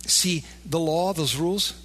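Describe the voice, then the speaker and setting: Conversational pastor in a reverberant hall. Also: male voice, a little high, a little slow, pushed and bright. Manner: conversational, acts out imagined inner voices. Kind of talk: sermon.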